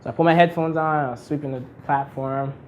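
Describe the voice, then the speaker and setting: A man in his thirties giving a motivational storytelling speech at a launch party, animated and laughing often. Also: a little high, quick pace, highs cut off, slight background noise. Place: event venue with an audience.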